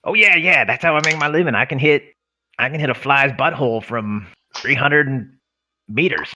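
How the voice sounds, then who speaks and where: A man's voice: mid-range voice, moderate pace, sharp tone, slight background noise. A man playing a tabletop game in character, cocky and chatty, swearing casually. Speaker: player. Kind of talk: in-character tabletop role-play.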